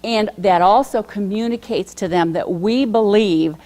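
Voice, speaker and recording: A woman presenting a workshop to educators, lecturing in a conversational way with frequent pauses and fillers. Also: medium pitch, warm tone. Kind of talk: lecture on coaching communication.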